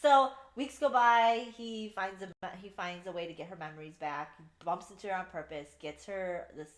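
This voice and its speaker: A young woman co-hosting a casual book review podcast, retelling scenes in an animated way, swearing freely and laughing at her favorite parts. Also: mid-range voice, normal speed. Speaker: podcast co-host. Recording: echoey room.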